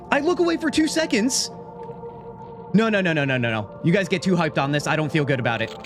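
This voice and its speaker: A man live-streaming a game, chatting with his viewers in an animated, mock-indignant, joking way into a desk microphone. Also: very high-pitched. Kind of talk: casual gaming live stream, talking to chat.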